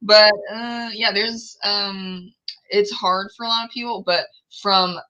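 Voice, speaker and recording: A woman with a bright, clear voice chats candidly on a livestream. She laughs often and acts out quoted exchanges as she talks. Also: medium pitch, steady tone, slow pace, poor audio. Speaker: livestream host. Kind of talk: casual chat.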